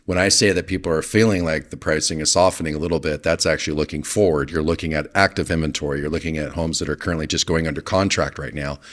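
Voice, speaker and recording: A man hosting a real estate podcast in casual chat, relaxed and quick to laugh, explaining market data step by step. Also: rumbling low. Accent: Northern Californian.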